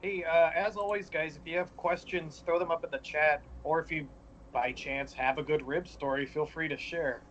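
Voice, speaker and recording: A man co-hosting a podcast, speaking softly in a low-key tone as he invites listeners to share. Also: steady tone, moderate pace. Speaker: podcast co-host. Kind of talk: casual chat. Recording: dull lo-fi mic.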